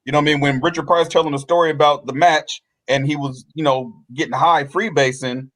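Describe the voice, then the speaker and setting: Emphatic man with a slightly higher voice. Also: fairly even intonation, brisk, fairly bright tone, poor audio. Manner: emphatic, conversational. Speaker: podcast co-host. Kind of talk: casual livestream discussion.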